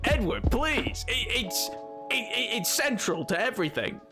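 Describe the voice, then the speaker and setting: A man's voice: extremely high pitch, unhurried, over music. A man live-streaming a video game, chatting casually and jokingly with his viewers. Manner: animated, jokey, does silly voices. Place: at home, playing a video game.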